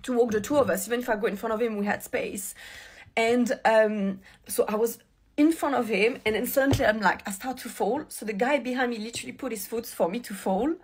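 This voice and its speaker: A woman recounting a street run-in in a rambling, agitated way. Her voice sits fairly high and sounds husky and breathy. She talks like someone filming an emotional personal story. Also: brisk.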